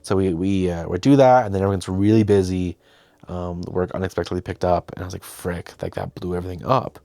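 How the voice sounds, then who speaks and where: A man's voice: deep voice, fairly even intonation, brisk, vocal fry, dark tone, dry recording. A young man hosting, casually telling a behind-the-scenes story, chatty and self-deprecating, often quoting himself and others. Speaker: host.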